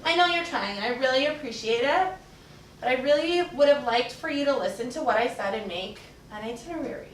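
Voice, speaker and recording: A woman performing live improv comedy with an animated, laughing delivery. Her voice is high and swoops widely in pitch. She is heard from far off in an echoey hall with background noise. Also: a little fast. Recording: distant, echoey stage with noise.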